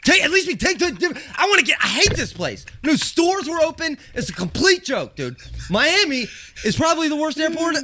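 Brief: male podcast co-host, high, lively pitch, exasperated ranting energy. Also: normal speed, a little hiss or hum. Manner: animated ranter, shouting when acting out his own quotes. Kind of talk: casual chat, ranting storytelling.

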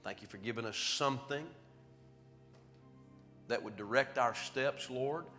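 A man's voice: mid-range voice, measured pace, faint music behind. A middle-aged man preaching a sermon, telling homespun stories and making an earnest appeal. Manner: folksy storytelling, then quiet earnest appeal. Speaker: pastor. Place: church sanctuary. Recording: church hall reverb on a live stream.

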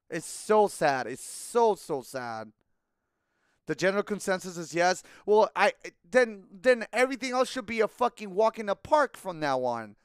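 A man's voice: sits high, big pitch swings, moderate pace, smooth, no room sound. A man in his thirties chatting casually on a livestream while gaming, rambling, swearing often and breaking into laughter. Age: 30s. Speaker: streamer.

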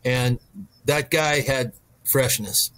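A man's voice: medium pitch, takes it slowly, sharp tone. A middle-aged man, a wine specialist, chatting as a guest and telling long anecdotes, with frequent restarts. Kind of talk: storytelling interview chat.

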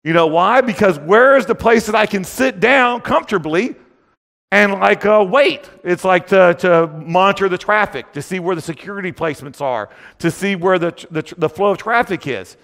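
A man's voice: high voice, normal speed, vocal fry, fairly bright tone. A man giving a casual, joking storytelling talk at a conference, rambling and full of filler phrases. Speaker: conference speaker. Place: conference hall stage. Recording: long reverb of a conference hall.

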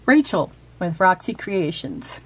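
A woman's voice: lowish voice, sing-song, slow, a little hiss or hum. Chatty woman crafter, lots of fillers. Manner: chatty, with frequent fillers and restarts; reads quiz questions aloud. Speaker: craft vlogger. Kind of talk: casual show-and-tell and quiz.

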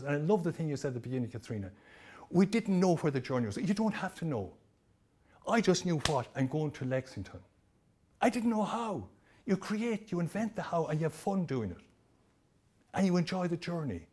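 Fast-talking Irish man, husky voice. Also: on the high side. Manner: animated, acts out quoted people. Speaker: motivational speaker. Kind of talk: storytelling presentation. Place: training day venue.

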